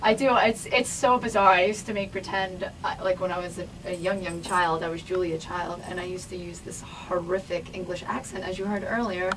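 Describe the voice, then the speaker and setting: A woman's voice: on the low side, steady tone, brisk, few pauses, a bit bright, poor audio. Woman singer from New York, studio radio guest, bubbly and effusive, laughs easily, faint hiss. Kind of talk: casual radio interview.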